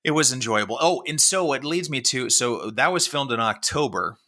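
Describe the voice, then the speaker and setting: A man's voice: medium pitch, lively intonation, normal speed, bright, forceful tone. A middle-aged man co-hosting a podcast, telling a rambling, self-deprecating story with frequent laughs. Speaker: podcast co-host. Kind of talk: casual chat.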